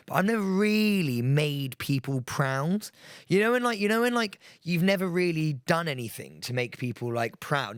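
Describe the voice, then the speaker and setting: A man co-hosting a podcast in casual chat, telling stories in an excitable, rambling way with lots of fillers. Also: mid-range voice, dry recording, studio quality. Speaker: podcast co-host. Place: podcast studio.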